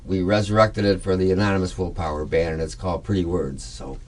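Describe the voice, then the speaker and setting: A man's voice: deep voice, fairly even intonation, fast talker, slight background noise. A man chatting enthusiastically in a studio podcast, talking about music and a song he wrote. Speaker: podcast regular, songwriter. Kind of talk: casual chat.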